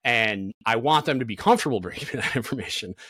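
A man's voice: mid-range voice, lively intonation, quick pace, a bit bright, breathy edge, no room sound. A man in his thirties, a podcast guest, telling work stories in casual chat with lots of fillers and swearing. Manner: blunt, profane, storytelling with lots of fillers.

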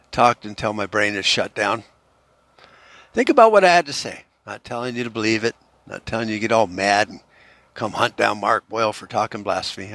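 A man's voice: lowish voice, creaky, fairly bright tone, no room sound. A middle-aged man hosting a podcast, chatting casually and cursing freely as he drives through a small town. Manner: profane, easygoing, drifting into a joking Australian put-on. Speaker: podcast host. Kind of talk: casual rambling monologue while driving through a town.

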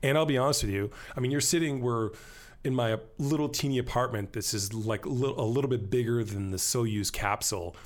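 A man talking in a casual podcast conversation, animated and rambling, joking as he tells stories. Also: mid-range voice, brisk. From born in Germany to American parents. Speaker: podcast guest.

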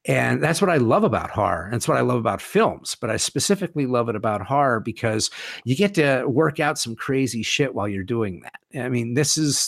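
Gravelly-voiced man, animated and enthusiastic. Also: mid-range voice, no room sound, clean studio sound. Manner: enthusiastic, animated, swears casually. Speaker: guest, horror author and podcast host. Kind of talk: casual conversation.

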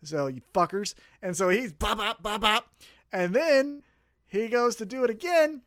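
A man's voice: extremely high pitch, measured pace, no echo, clean studio sound. A man co-hosting a podcast in casual chat, telling stories with lots of swearing and acted-out quotes. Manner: profane, animated storytelling with acted-out quotes. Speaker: podcast co-host.

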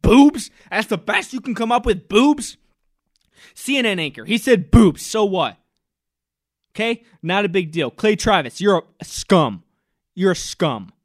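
Loud sarcastic ranting man, high-pitched. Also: expressive, moderate pace, no room sound, clean studio sound. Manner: loud, mocking, sarcastic, swings into jeering mimicry. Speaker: podcast host. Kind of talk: angry ranting commentary.

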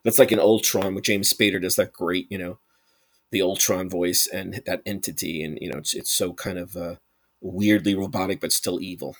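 A man's voice: sits low, fairly even intonation, moderate pace, no echo. A man casually reviewing an old sci-fi episode as a channel host, rambling with lots of fillers and restarts while enthusiastically recommending it.

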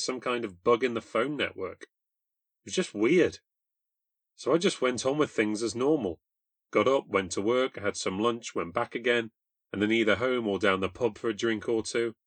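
A young man narrating a first-person ghost story in a sardonic, bitter, deadpan way. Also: fairly low pitch, no echo. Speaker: podcast host and narrator.

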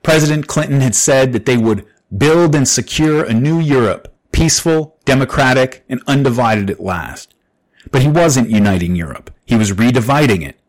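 A man's voice: mid-range voice, expressive, normal speed, rough recording. A man hosting a solo podcast, earnest and a bit agitated, reading long quotations aloud over a makeshift recording setup away from home. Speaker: podcast host. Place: away from home, not his usual studio. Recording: makeshift setup, imperfect audio.

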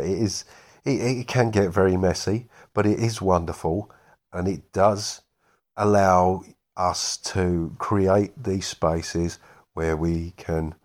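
A man hosting a podcast, replying to listener messages in a measured, thoughtful and slightly hesitant way. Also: low voice, a little mellow. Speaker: podcast host.

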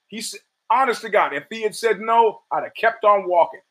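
A man with a fairly high voice hosts his own talk show, spinning a long, profane anecdote off the cuff. He stammers and restarts as he goes and slips into the other people's lines when he quotes them. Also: moderate pace, a bit bright, poor audio. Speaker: podcast host. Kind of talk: casual storytelling monologue.

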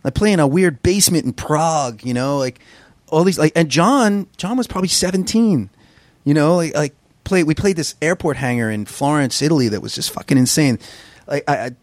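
A man from Long Island, a podcast guest and musician, telling road stories in a casual interview, animated and swearing freely. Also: on the high side, normal speed, dry recording. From Long Island, New York. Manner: animated storyteller, swears freely, acts out quotes.

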